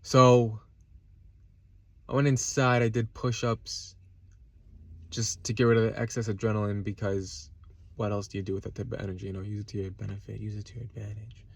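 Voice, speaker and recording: A man's voice: lowish voice, level tone, a little fast, creaky, pauses often, dry recording. A man telling a road-rage story in a heated, profane rant, repeating himself, his voice jumping up when he gets upset. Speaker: vlogger. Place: at home, eating a salad.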